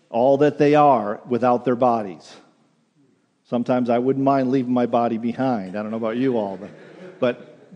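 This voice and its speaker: A male pastor delivers an earnest sermon, restarting phrases and repeating words as he goes. His voice is mellow and dark. The sound carries a long reverb from the church hall around him. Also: mid-range voice. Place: church sanctuary.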